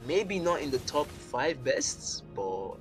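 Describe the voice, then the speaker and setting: A man's voice: on the high side, big pitch swings, takes it slowly. A man casting a live esports match, chatty and rambling, thinking aloud as he goes. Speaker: esports caster. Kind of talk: live game commentary. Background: game music.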